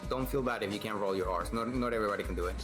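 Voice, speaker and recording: Guy chatting on a stream, reassuring tone, music playing clearly behind. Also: lowish voice, racing. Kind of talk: casual live-stream chat.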